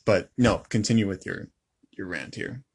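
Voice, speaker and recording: A woman's voice: rumbling low, lively intonation, normal speed, darkish tone, slightly rough. A young woman co-hosting a casual podcast, teasing her sister and laughing often. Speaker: podcast co-host.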